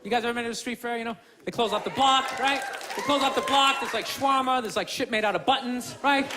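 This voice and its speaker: A man's voice: very high-pitched, fast. A man doing a stand-up comedy routine on stage, ranting with profanity and acting out other people's voices. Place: theater stage before a live audience. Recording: stage mic with loud crowd laughter and noise.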